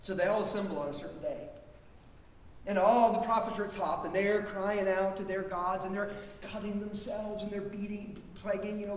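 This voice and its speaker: A male preacher telling a story in a sermon, animated and repeating words as he acts out the quotes, recorded from a distance in an echoey hall. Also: sits high, a little fast. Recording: echoey hall, distant mic, faint noise.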